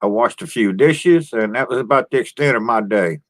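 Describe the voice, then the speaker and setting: A man hosting a casual live stream, greeting viewers one by one and chatting about his day in a relaxed, folksy way with frequent sighs. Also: medium pitch, moderate pace. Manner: homespun rural speech. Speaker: livestream host.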